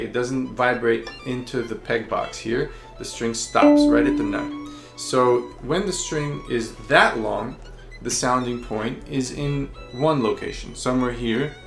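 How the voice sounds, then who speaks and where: Male violin teacher, patient explainer, gravelly tone, roomy echo. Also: medium pitch. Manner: patient, explanatory, with frequent fillers. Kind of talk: instructional explanation.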